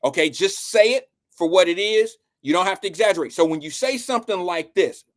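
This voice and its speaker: A man's voice: high voice, lively intonation, a little fast. A man hosting a casual talk show, laid-back and soothing with his caller. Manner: laid-back, soothing, keeps saying he hears you. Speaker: host.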